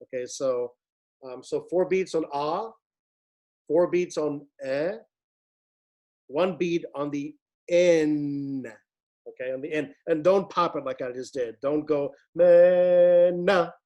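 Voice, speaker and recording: A man's voice: on the high side, takes it slowly, pauses often, a little mellow, lo-fi sound. A man directing a virtual choir rehearsal, patiently explaining Latin diction and demonstrating each sound. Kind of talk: online rehearsal instruction.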